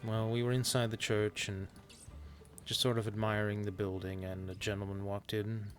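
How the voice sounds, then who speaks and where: Low-voiced hesitant man role-playing. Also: flat delivery, moderate pace. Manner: hesitant storyteller, many fillers. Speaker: roleplay streamer. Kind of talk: in-character western roleplay.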